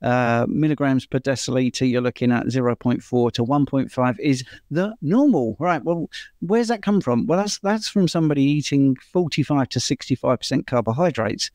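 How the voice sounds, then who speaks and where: A man's voice: medium pitch, animated, normal speed, a little mellow, no room sound, clean studio sound. A man, a doctor answering viewer questions in a casual chat, explaining things in a chatty way and laughing easily.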